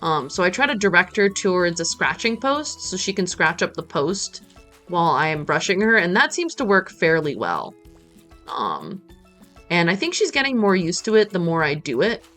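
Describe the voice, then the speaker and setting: A woman's voice: fairly low pitch, very animated, moderate pace, a bit bright, soft background music. A woman streamer chatting playfully while she plays, talking to the game as she goes. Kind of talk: casual gameplay chat.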